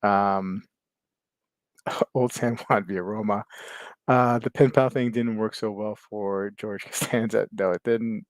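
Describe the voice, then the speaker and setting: Rambling low-voiced man hosting. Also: fairly even intonation, takes it slowly, no room sound. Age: adult with kids. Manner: rambling, laughs often, many fillers. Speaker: livestream host. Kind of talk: casual chat reading viewer comments.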